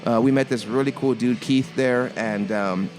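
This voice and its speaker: A man's voice: medium pitch, normal speed, a little mellow, faint music behind. A man, a craft beer bar owner, talking in a laid-back casual podcast chat, often repeating his words.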